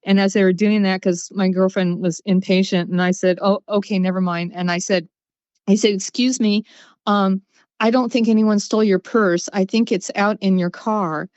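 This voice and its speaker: A woman's voice: mid-range voice, moderate pace, smooth, dry recording, dull audio. A woman, a psychic guest on a podcast, telling stories in casual chat and acting out what people said. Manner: storytelling, expressive, acts out quotes.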